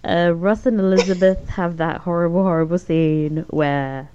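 A woman's voice: lowish voice, fairly even intonation, normal speed, a crowd in the background. A woman co-hosting a podcast, recapping an episode in casual chat, laughing often and acting out characters' lines. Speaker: podcast co-host. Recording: dull lo-fi sound with faint noise.

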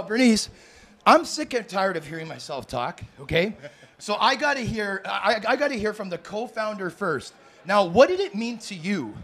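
A young man hosts a live podcast taping with a bright, high voice that swoops up and down. He talks like an excited announcer, building big introductions for his guests. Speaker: podcast host. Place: sports bar studio.

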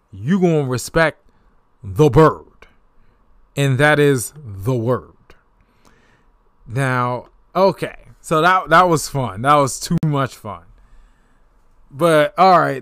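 Slow-talking trash-talking sports host, man. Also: fairly high pitch, clear, resonant tone, dry recording, studio quality. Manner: trash-talking, animated, laughs at rivals. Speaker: sports talk show host. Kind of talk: casual sports talk.

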